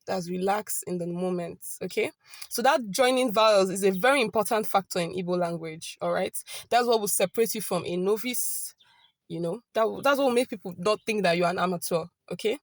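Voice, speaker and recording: A woman's voice: mid-range voice, no echo. Chatty woman teaching, dry close sound. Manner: chatty, keeps checking in with "okay?"; slows down and repeats phrases carefully. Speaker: language teacher. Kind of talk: casual online language lesson.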